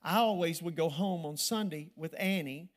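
Man preaching a sermon, rising to loud emphasis. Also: fairly high pitch, normal speed.

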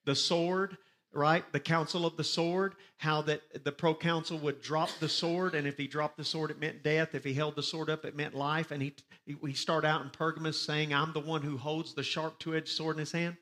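A man's voice: a little high, little pitch movement, moderate pace, fairly bright tone. A man teaching a Bible study sermon, reading scripture with rising emphasis and telling listeners to underline words. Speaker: pastor.

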